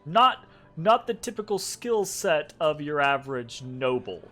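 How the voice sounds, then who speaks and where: A man narrating a tabletop game as the game master in a relaxed, casual way, full of fillers and checks like "right?". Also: on the high side, measured pace, soft background music.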